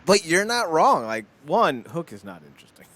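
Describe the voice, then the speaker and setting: A man's voice: fairly high pitch, very animated, moderate pace, fairly bright tone. A man co-hosting a casual podcast chat, rambling and blunt, swearing freely and leaning on "like.". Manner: rambling, blunt and profane, with frequent "like" fillers. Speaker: podcast co-host.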